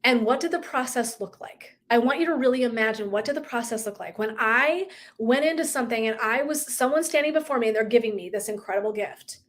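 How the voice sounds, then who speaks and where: A woman coach talks casually to her viewers and tells a personal story with plenty of laughter. She keeps an animated, expressive delivery. Her voice sits a little high for a woman. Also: quick pace. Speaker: wellness coach. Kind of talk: casual live-stream talk.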